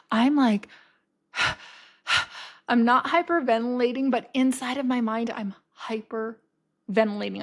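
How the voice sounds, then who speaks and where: Animated storytelling woman with a gravelly edge. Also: fairly high pitch. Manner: animated, swears freely, acts out quoted dialogue. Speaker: podcast host. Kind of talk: casual storytelling monologue.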